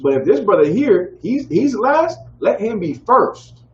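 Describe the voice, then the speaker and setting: A man's voice: big pitch swings, unhurried, darkish tone. A man teaching a scripture lesson to a group in a preaching style, drawing call-and-response from the room. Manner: call-and-response, keeps asking "y'all with me?". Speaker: teacher leading a scripture class. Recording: roomy, dull low-fi audio with faint background noise.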